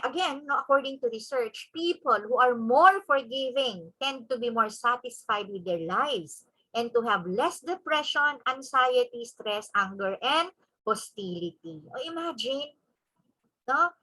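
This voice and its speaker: A woman's voice: fairly high pitch, pushed and bright, poor audio. A woman with a Filipino accent giving an emphatic convention lecture, switching between English and Tagalog and checking in with the audience through frequent tag questions. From Philippines.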